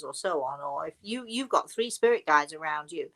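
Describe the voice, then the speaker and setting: A woman's voice: medium pitch, expressive, brisk, hardly any pauses, fairly bright tone. Older woman, chatty and digressive. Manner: chatty, digressive, trailing into asides. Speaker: host, spiritual medium. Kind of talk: live question-and-answer talk.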